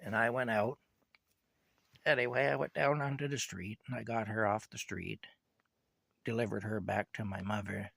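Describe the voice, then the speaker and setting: Older guy rambling through a story, gravelly voice, dry close sound. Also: fairly low pitch, a bit bright, no echo. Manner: rambling, conversational, frequent "anyway" and "you know". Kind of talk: casual personal storytelling.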